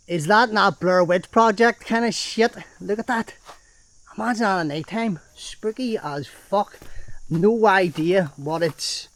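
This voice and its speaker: A man giving casual, chatty travel-vlog commentary while walking outdoors through an abandoned water park. He swears freely and thinks aloud, breaking into exclamations. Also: high-pitched. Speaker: travel vlogger.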